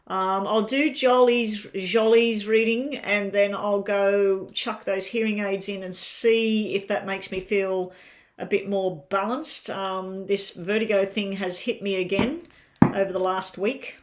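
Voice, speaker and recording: A woman's voice: medium pitch, steady tone, measured pace. A woman with an Australian accent giving a live-stream tarot reading, chatting and thinking aloud as she lays out the cards. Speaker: tarot reader.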